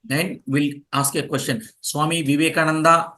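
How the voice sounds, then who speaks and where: A man teaching a class, explaining slowly and repeating key phrases for students taking notes. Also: fairly high pitch, little pitch movement, sharp tone. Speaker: yoga teacher. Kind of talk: classroom lecture.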